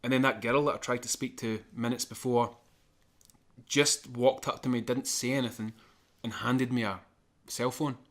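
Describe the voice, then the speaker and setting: A man's voice: medium pitch, moderate pace. Man telling a story in casual chat. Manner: animated anecdote-telling, chuckling between lines. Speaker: podcast co-host.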